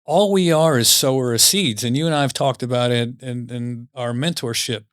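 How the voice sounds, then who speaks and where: A man's voice: mid-range voice, moderate pace, fairly bright tone, dry recording. A man as a podcast guest, speaking in an encouraging, emphatic way in a studio. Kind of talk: casual chat.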